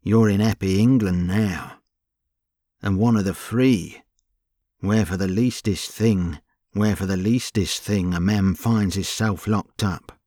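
A man's voice: lowish voice, steady tone, slow, dark tone, no echo, clean studio sound. A man reading an audiobook, voicing a crafty working-class hired crook with a wheedling, conciliatory manner. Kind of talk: audiobook character voice.

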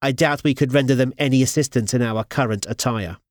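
Guy reading as a calm no-nonsense young lady, matter of fact, storybook. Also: mid-range voice, fairly quick, no room sound, clean studio sound, lightly acted. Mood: composed. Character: composed optimistic young woman, matchmaker.

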